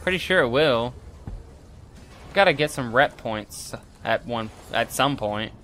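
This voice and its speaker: Male gamer, bright and forceful, rambling let's-play chatter with excited shouts. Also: medium pitch, unhurried, slight background noise. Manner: rambling and excitable, bursting into loud yells. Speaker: gameplay commentator. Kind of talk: casual let's-play commentary.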